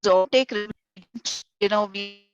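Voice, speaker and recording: A woman's voice: medium pitch, fairly even intonation, slow, smooth, dry recording. A woman facilitator giving a workshop talk to volunteers over a video call, chatty and full of retold stories. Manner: conversational, with fillers and retold stories. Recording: dull dry video call audio.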